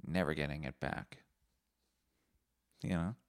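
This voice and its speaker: A man's voice: very deep voice, slow, clear, resonant tone, no echo, studio quality. A man, hosting a solo podcast and rambling through profane, jokey stories. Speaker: podcast host. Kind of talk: solo comedic podcast monologue.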